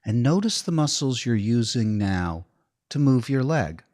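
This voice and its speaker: A man giving a slow, calm, step-by-step guided body-awareness lesson as movement instructor. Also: medium pitch, dry recording, clean studio sound.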